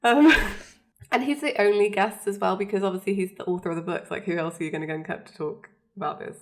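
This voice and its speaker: A woman's voice: medium pitch, fast. A woman co-hosting a podcast, chatting casually as she recaps a TV episode and quotes the characters. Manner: chatty, frequent fillers and laughter, quotes characters. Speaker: podcast co-host.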